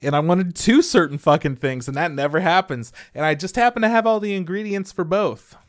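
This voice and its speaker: Casting: relaxed, profane male podcast co-host, smooth, close and dry. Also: high-pitched, a little fast, dry recording. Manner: laid-back, swears a lot, laughs often. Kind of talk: casual chat.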